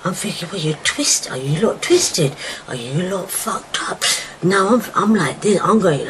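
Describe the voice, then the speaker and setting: Woman, fairly low-pitched, emotional, swearing, acts out old arguments, loud to hushed, light noise behind. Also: animated, normal speed, low-quality recording. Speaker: mother telling her daughter her story. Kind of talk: candid personal account.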